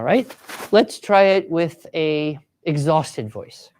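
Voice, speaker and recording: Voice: mid-range voice, animated, a little slow, a little mellow. A writing teacher leading a live classroom workshop, encouraging students and giving step-by-step directions. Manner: acts out sample voices for students.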